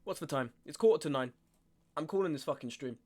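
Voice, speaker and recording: A young man in his twenties rants to his stream chat in a fairly high voice, swearing and going over the same complaint again and again. He sounds exasperated and talks casually into his webcam setup at home. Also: expressive, fast, darkish tone. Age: 20s. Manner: exasperated, ranting, swears often, repeats himself.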